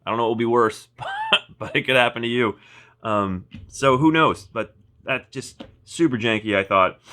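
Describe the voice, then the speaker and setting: A man's voice: mid-range voice, moderate pace, pushed and bright. A man giving a casual, rambling product review, full of fillers, restarts and wry asides. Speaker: firearms reviewer.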